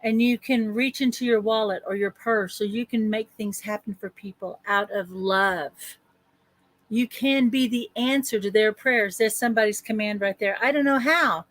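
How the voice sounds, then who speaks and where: A woman life coach guides a group call through an affirmation session, speaking slow, drawn-out affirmations and repeating phrases. Her medium-pitched voice is a bit bright, and the recording is dry.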